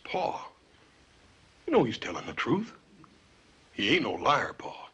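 An actor playing a big-hearted, always hungry young rancher with a folksy, easygoing way of talking in a 1950s TV western. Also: male voice, mid-range voice, wildly swooping pitch, slow, bright, forceful tone, breathy edge, heavily acted. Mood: pleading. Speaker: ranch son.

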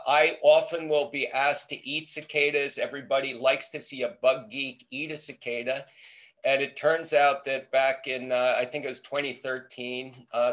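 A man's voice: mid-range voice, a bit bright. A middle-aged American man, an entomology professor, telling a playful story in a webinar talk. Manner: storytelling, acting out quoted voices, playful. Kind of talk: lively anecdotal talk.

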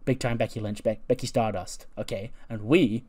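A man's voice: fairly low pitch, fairly even intonation, normal speed, darkish tone, natural voice. A man voicing an arrogant, bossy woman wrestler champion in a smug, dismissive way.

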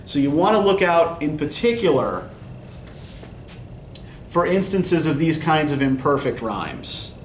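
A man teaching a college poetry class, explaining with a habitual "right?" to his students. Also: mid-range voice. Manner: explanatory, often checks in with "right?". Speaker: college English instructor. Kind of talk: classroom lecture. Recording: echoey classroom from far off, faint noise.

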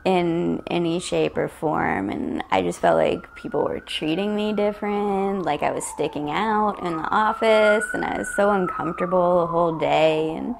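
A woman's voice: on the low side, moderate pace, gravelly, few pauses, slight background noise. A woman in her thirties, a podcast guest and storyteller, telling a personal story in candid, conversational style and laughing often. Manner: laughs often while telling, animated quoted asides.

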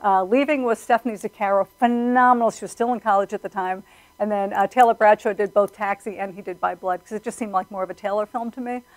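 A woman, a filmmaker guest telling stories in an animated, casual interview, acting out quotes. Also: mid-range voice, quick pace, low-quality recording. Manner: animated storyteller, acts out quotes.

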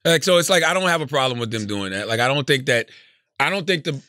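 A man's voice: mid-range voice, lively intonation, quick pace, pushed and bright, dry recording. A man co-hosting a casual comedy podcast on a close studio mic, blunt and laid-back, often repeating himself. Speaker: podcast co-host, radio host.

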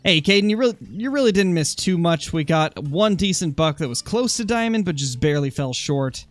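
A man's voice: on the high side, expressive, a little fast, no echo. Chatty streamer man with music behind. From Oregon, USA. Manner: chatty, answers chat comments while hunting. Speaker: gaming streamer. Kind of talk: casual live-stream commentary.

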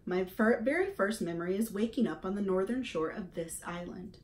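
Woman doing a calm patient robot mom, plain even voice, storybook read-aloud. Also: mid-range voice, fairly quick, lightly acted. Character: calm patient robot mother, female, weathered.

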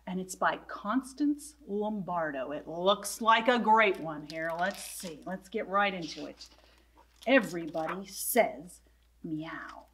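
A woman who is a children's librarian, reading a picture book aloud in a playful, expressive way and acting out the animal sounds. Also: lowish voice, a little slow, few pauses.

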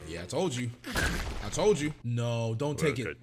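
Excitable man reacting live to anime. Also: mid-range voice, normal speed, crowd noise. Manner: excitable, shouting and laughing, slangy. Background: music from the show he is watching.

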